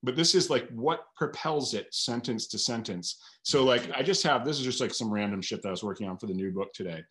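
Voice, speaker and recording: A man's voice: medium pitch, fairly quick, fairly bright tone. A man, a guest author talking casually and animatedly in an interview, thinking aloud with lots of filler words.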